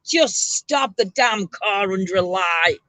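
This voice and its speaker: A woman's voice: medium pitch, animated, slow pace, fairly bright tone, no echo. A woman hosting a casual ghost tour chat from inside a moving car, rambling and laughing, with lots of ums, recorded on a handheld camera. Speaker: host of a ghost tour show.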